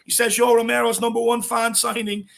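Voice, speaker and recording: A man with an Irish accent co-hosting a fan show, chatting casually and reading out viewer comments with shout-outs. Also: very high voice, level tone, a little fast, creaky. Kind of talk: casual live-stream chat.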